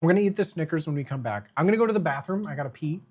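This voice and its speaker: Playful streamer, talks to chat, laughs, munching candy, middle pitch. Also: lively intonation, rapid-fire. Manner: eating candy while standing. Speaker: live streamer. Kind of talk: casual live-stream chat.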